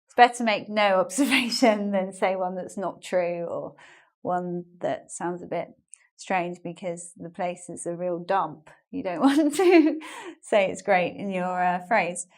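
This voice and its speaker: A woman's voice: lowish voice, unhurried. British woman doing an online english lesson, chatty, lots of examples and asides. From England. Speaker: English teacher.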